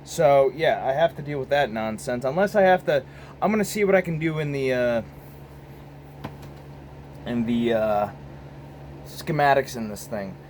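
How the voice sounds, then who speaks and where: A man's voice: mid-range voice, lively intonation, unhurried, long pauses, darkish tone, slight background noise, poor audio. An American man hosting his own casual vlog, rambling and profane, filmed on a phone. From United States. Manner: rambling, profane, many restarts. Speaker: host.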